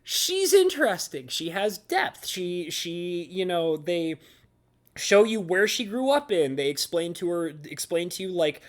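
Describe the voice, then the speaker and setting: A man's voice: sits high, sing-song, measured pace. Male anime reviewer, casual and rambling, gushing with filler words. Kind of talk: casual talk to camera.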